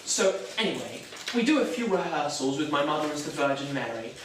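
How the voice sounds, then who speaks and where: In a stage drama, an actor takes on the role of a young Catholic man who is nervous and doubts himself, talking in a hesitant, wry, self-deprecating way. His slightly high voice is sing-song and fairly quick, with background noise, an echoey room and a far-off mic.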